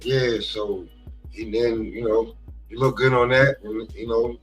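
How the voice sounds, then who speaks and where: A man's voice: mid-range voice, fairly even intonation, a little slow, faint music behind, poor audio. A man in a casual boxing chat over a livestream call, hesitant and searching for words. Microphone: remote livestream call.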